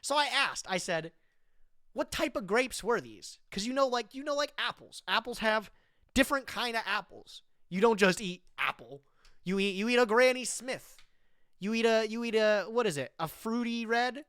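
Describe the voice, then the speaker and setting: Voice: medium pitch, moderate pace, clear, resonant tone, dry recording, clean studio sound. A streamer in their twenties chatting casually and animatedly on a live stream, with lots of slang, reading text aloud and reacting to it. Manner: animated, slangy, says "bro" often; reads web text aloud with comments.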